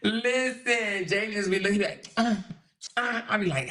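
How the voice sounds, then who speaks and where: A woman hosting a livestream, reading viewer comments in casual chat that is animated, laughing and gossipy. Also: mid-range voice, normal speed. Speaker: livestream host.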